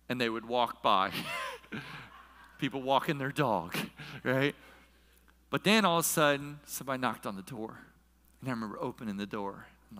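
Bright-voiced man preaching in a reverberant hall. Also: on the high side. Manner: emotional, chokes up while telling a story. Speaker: pastor. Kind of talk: storytelling sermon. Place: church hall with a live audience.

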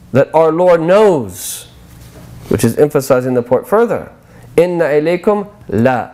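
A middle-aged man giving a patient lecture on scripture, explaining points step by step and reciting verses quickly in a chanting tone. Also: mid-range voice, a little mellow. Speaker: religious teacher.

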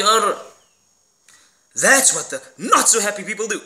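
High, sharp-voiced man giving a pep talk. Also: measured pace, pauses often. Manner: emphatic and animated, swears casually. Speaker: motivational vlogger. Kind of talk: motivational vlog monologue.

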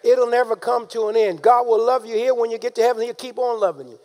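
A man preaching a sermon, calling out to the congregation and rising into shouted emphasis. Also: extremely high pitch, fast talker. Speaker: pastor.

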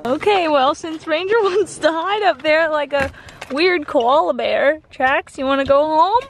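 A young woman chatting to camera for her travel vlog, bubbly and quick to laugh, filming from a car. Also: sits high, a little hiss or hum. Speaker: vlogger. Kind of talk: casual travel vlog chat. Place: in a car and outdoors at night.

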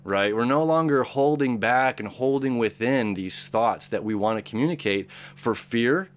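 An upbeat young man chats his way through a daily astrology reading, full of fillers and tangents. He slips in quick acted-out voices of the listener's inner thoughts. His pitch sits in a middle range for a man. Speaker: astrology channel host. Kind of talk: casual spoken astrology reading.

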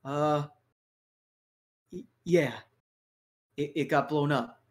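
A man's voice: on the high side, fairly even intonation, extremely slow. A man voicing a nervous young male soldier who stammers and hesitates.

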